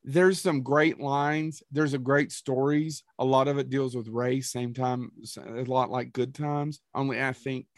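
A man's voice: mid-range voice, steady tone, measured pace, few pauses, dry recording, clean studio sound. A man co-hosting a podcast, chatting casually in a rambling, tangential way with some profanity. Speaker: podcast co-host. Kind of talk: casual chat.

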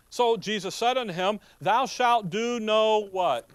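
Man, middle-aged pastor, folksy sermon, higher voice, dry close sound. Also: measured pace, smooth, no echo. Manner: folksy, joking asides, rhetorical questions.

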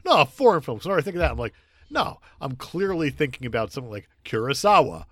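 A man co-hosting a podcast, chatting about a film in an animated, jokey way and laughing often. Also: mid-range voice, fast, dry recording, clean studio sound. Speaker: podcast co-host. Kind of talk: casual chat about a film.

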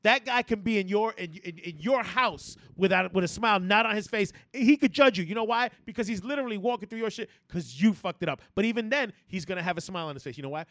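A man with a fairly high voice rants in a casual podcast chat, swearing freely and tripping over his restarts. The sound is dry and close to the mic. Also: fast, few pauses, fairly bright tone, dry recording. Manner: profane, emphatic ranting with stammered restarts. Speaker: podcast co-host.

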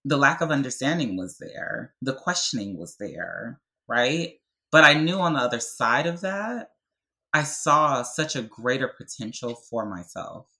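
A woman's voice: rumbling low, lively intonation, unhurried, bright, forceful tone, poor audio. A young adult woman speaking with passion and conviction as a podcast guest, often checking in with "right?". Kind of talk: heartfelt podcast conversation.

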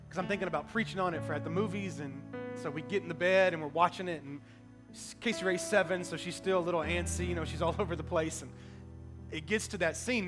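A man in his thirties preaching a sermon, telling personal stories in an emotional, conversational way. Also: fairly high pitch. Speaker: pastor.

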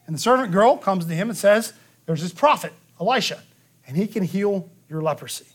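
A man preaching a sermon, telling the story lively and acting out the quotes, with a frequent "okay?" to the room. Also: high-pitched, fairly quick, husky. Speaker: pastor.

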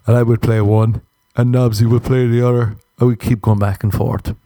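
A man's voice: medium pitch, little pitch movement, moderate pace, dark tone, no room sound. A young Irish man rambling through crude, jokey stories in a casual comedic monologue. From Ireland.

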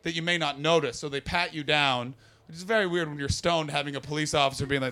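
A bright, fairly high male voice with a crisp, forward edge. He is a comedian spinning a story on his podcast, lively and animated, jumping into loud voices for the people in the tale. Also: fast. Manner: animated, bursts into loud impressions. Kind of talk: comic storytelling.

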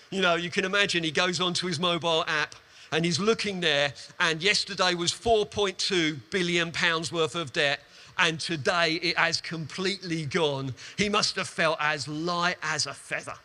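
A man delivers a sermon in a high, ringing voice with a bright, cutting edge. He retells a parable with animated emphasis, often doubling his words as he drives a point home. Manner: animated storytelling, quick emphatic repetitions. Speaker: preacher.

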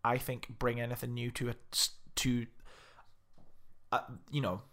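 A man co-hosts a podcast, chatting casually about a film, laughing often and slipping into mock Scottish pub voices. His voice is medium-pitched, a little slow, and completely flat in delivery.

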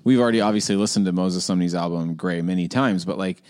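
A man's voice: deep voice, fast talker, a little mellow. A man co-hosting a podcast, chatting casually and playfully, often laughing. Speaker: podcast co-host. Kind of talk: casual chat.

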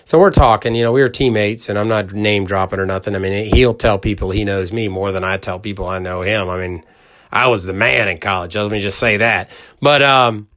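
A man's voice: on the low side, a little fast, fairly bright tone. A middle-aged man hosting a college football podcast in a folksy, rambling way, talking straight to his listeners with plenty of emphasis. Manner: folksy, rambling storyteller who acts out quoted voices. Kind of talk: casual podcast chat.

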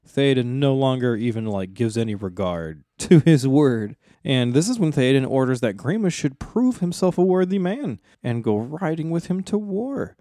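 A man recaps a story on a podcast in a relaxed, crude, joking way. His voice is dark and mellow, recorded close and dry. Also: mid-range voice, moderate pace, few pauses, no room sound. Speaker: podcast co-host. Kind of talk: casual chat.

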